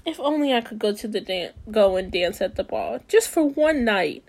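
A woman voicing a sad, gentle young servant girl in a storybook, speaking in a soft, plaintive way. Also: medium pitch, animated, normal speed. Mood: sorrowful.

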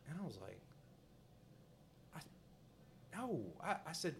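Animated man telling a lively story. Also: on the high side, moderate pace, long pauses, a little hiss or hum. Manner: animated, laughing, acts out voices in his anecdotes. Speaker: podcast host. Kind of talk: casual storytelling chat.

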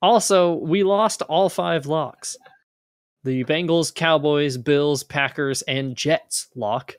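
A man's voice: fairly high pitch, slow, smooth, no echo, studio quality. A young man hosting a casual sports podcast, joking around and laughing often. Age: young adult. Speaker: podcast host. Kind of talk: casual chat.

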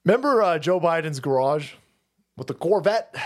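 A man hosting a stream, delivering a loud, profane, mocking political rant. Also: on the high side, lively intonation, normal speed. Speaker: streamer host. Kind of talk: ranting political commentary stream.

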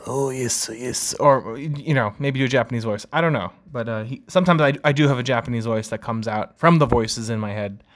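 A man's voice: mid-range voice, fast, few pauses. A man hosting his own podcast, rambling casually with many fillers and making jokes at his own expense. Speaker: podcast host. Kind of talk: casual solo podcast chat.

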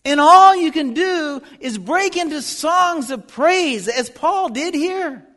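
A man's voice: very high voice, animated, slow pace, a bit bright. A man teaching a Bible lesson in sermon style, earnest and building to fervent appeals. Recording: long reverb of a hall.

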